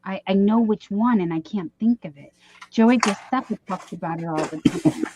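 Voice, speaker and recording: Gasping and exclaiming as she opens gifts, a woman livestream host chats casually in an excitable, gushing way. Her voice is medium in pitch and moderately paced, picked up by a webcam or desk mic. The stream audio sounds dull and dry, with a slight background noise.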